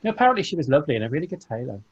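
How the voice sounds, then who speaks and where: A man playing a tabletop game, chatting casually in an animated, jokey way. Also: a little high, racing, husky, dull audio. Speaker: player.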